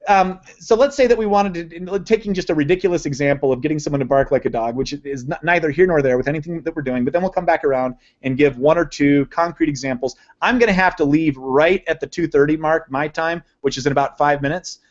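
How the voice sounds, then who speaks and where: In a muffled recording, a man teaches a live online class on sales copywriting, keeping it enthusiastic and conversational and frequently checking in with his audience. His fairly high voice runs fast, with hardly any pauses.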